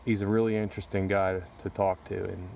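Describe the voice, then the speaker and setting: A man's voice: low-pitched, level tone, fast talker, creaky, darkish tone, a little hiss or hum. A man talking casually to camera outdoors in a backyard corner, rambling through a story with many restarts. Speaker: vlogger. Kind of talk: casual chat.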